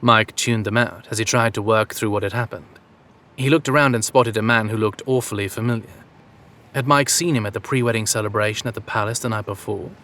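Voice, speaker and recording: A man reading a story aloud in a steady, measured narration. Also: on the low side. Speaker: audiobook narrator. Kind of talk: scripted narration.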